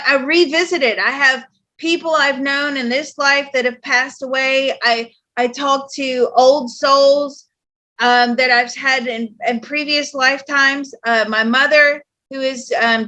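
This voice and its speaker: A woman psychic host with a high, bright voice, chatting casually. She tells her stories in an animated, lively way and laughs often. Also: measured pace. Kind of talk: casual chat.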